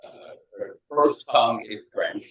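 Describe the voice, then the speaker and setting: A man's voice: medium pitch, unhurried, roomy sound, distant mic, muffled recording, a crowd in the background. A man from the United States telling a rambling, profane personal story in a casual way, slipping in bits of French and Spanish.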